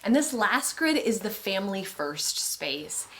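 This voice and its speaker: A woman's voice: medium pitch, very animated, a little slow, a bit bright. A woman co-hosting a marriage course video, speaking conversationally to viewers and laughing easily. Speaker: co-host of a couples course.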